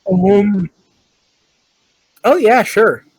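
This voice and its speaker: Young man, podcast host, slow unhurried talk, slightly high voice, dry recording. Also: a little mellow, husky, no room sound, poor audio. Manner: laughing, unhurried, reads out comments. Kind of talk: casual chat, reading comments aloud.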